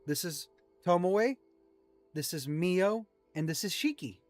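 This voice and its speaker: A man's voice: sits high, animated, a little slow, faint music behind, voice pushed up. A man doing an eager young guild leader. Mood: welcoming.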